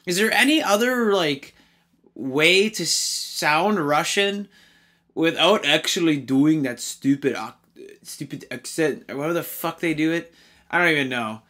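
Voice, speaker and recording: A man's voice: a little high, expressive, measured pace, pushed and bright. A man hosting a casual film review, talking in an exasperated, rambling way with fillers and restarts.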